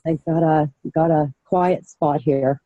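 A caller telling a personal story slowly, with halting pauses and many fillers. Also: medium pitch, steady tone, no room sound, highs cut off. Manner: slow, halting, measured. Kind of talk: personal story on a call-in show.

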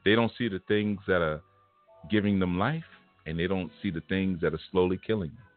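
A man's voice: deep voice, fairly quick. A man giving a casual spiritual lesson, telling a personal story in blunt, streetwise slang. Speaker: spiritual teacher. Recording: tinny phone-like sound with faint music.

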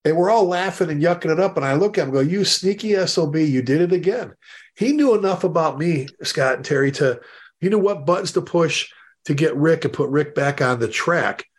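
A man hosting a casual panel discussion over a video call, telling stories in an animated, emphatic way. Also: fairly high pitch, brisk. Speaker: host and fire service instructor.

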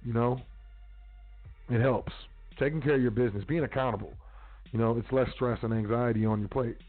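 A man's voice: medium pitch, fairly even intonation, brisk. Blunt slangy man, phone-thin sound. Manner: street slang, blunt, profane. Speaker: podcast host. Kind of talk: casual monologue. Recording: tinny phone-line sound with faint music.

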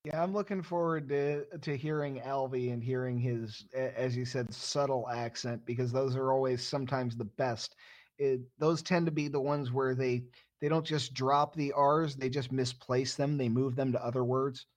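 A man speaking as a guest analyst in casual hockey chat, playful with quick asides. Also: mid-range voice, steady tone.

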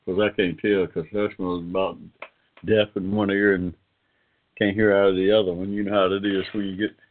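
A man's voice: deep voice, level tone, brisk. An older man, hosting a casual internet radio talk show in a rambling, folksy way. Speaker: host. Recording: phone-like call-in line.

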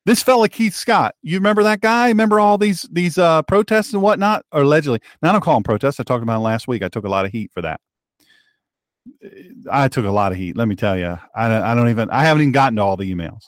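Male political talk host, sarcastic and heated, animated pitch, dry close sound. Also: fast, no room sound. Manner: heated, sarcastic, repeats himself. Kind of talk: political commentary monologue.

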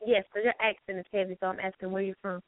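A woman's voice: mid-range voice, little pitch movement, quick pace, no room sound. A woman from North Carolina with a Southern accent, co-hosting in a sassy, playful way. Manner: sassy, playful, calls people honey. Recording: tinny phone line.

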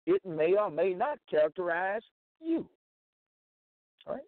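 A man teaching from scripture in a slow, deliberate way, repeating phrases and checking in with "okay?" and "all right?". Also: high-pitched, very animated, dry recording. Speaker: self-styled Bible teacher. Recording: tinny phone-like dry sound.

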